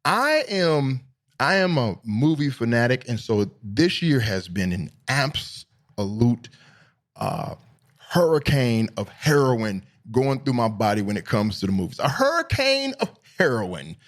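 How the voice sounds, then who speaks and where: A middle-aged man hosting a solo podcast, talking casually in a rambling, profane, animated way. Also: a little slow. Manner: animated, profane, rambling, swings between high and low pitch. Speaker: podcast host.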